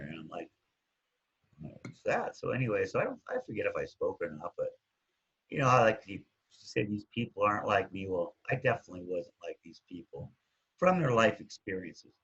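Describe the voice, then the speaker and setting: A man with a husky voice casually telling his recovery story, rambling and looping back with "anyways", on a dull lo-fi recording. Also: lowish voice, a bit bright. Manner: rambling, keeps saying anyways.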